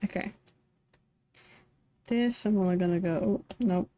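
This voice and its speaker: A woman's voice: mid-range voice, unhurried, dark tone, highs cut off. A tired woman streaming live, mumbling to herself as she draws. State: tired, yawning. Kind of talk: casual live-stream commentary while drawing.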